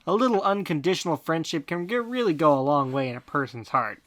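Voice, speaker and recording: Podcast host, comic fanfic reading, deadpan, snarky asides, mid pitch. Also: a little fast.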